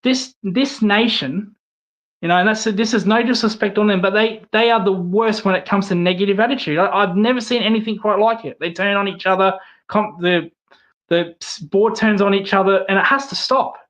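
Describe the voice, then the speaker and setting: A man's voice: high-pitched, moderate pace, fairly bright tone. A man with an Australian accent, a cricket fan talking as a podcast guest, blunt and heated, repeating himself when riled. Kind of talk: casual podcast chat.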